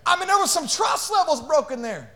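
High-voiced man preaching a fiery sermon. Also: big pitch swings, a little fast. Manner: builds to shouted, sing-song preaching with call-outs to the congregation; acts out voices and jokes between points. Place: church.

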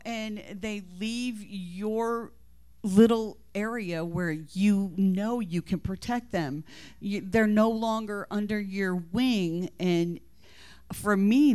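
Her mid-range voice is smooth and slightly mellow. As the host's mother and a guest at a church talk, this middle-aged woman recounts tender family stories, laughing one moment and near tears the next.

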